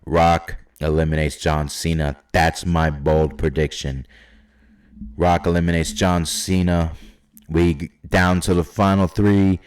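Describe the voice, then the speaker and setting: A man's voice: low-pitched, flat delivery, a little slow, darkish tone, clear, resonant tone. A man casually talking through his wrestling predictions, rambling and hesitant with many fillers, sometimes quoting imagined fans and wrestlers. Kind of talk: casual solo prediction talk.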